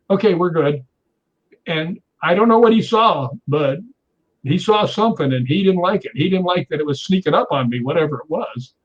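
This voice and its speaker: A man with a slightly high, husky voice tells an animated story as a guest on a talk show. He keeps checking in with his listener as he goes. The recording sounds dull and lo-fi. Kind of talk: telling a story in a chat show.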